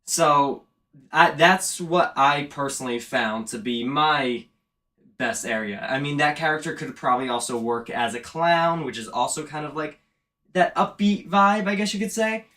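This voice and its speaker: Bright-voiced man rambling casually. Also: fairly high pitch, normal speed. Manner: rambling, self-aware. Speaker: vlogger and haunt actor. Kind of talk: casual chat. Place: indoors, setting up an animatronic.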